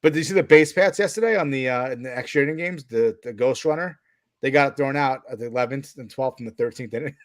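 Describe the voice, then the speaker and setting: A man's voice: mid-range voice, fast, no room sound, clean studio sound. A man co-hosting a casual sports podcast, joking and laughing often as he talks. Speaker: podcast co-host.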